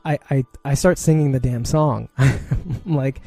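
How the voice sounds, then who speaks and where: A rambling podcast host chats casually into a desk mic at home, his voice mellow and gravelly. Soft music plays faintly underneath. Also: medium pitch, a little slow, dry recording. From Brooklyn, New York. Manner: rambling, chatty, frequent laughs and fillers. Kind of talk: casual live-stream chat.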